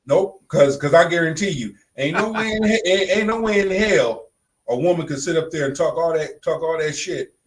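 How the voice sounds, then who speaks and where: A man's voice: on the high side, normal speed, low-quality recording. A man co-hosting a podcast in casual chat, blunt and emphatic, repeating phrases for punch. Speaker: podcast co-host.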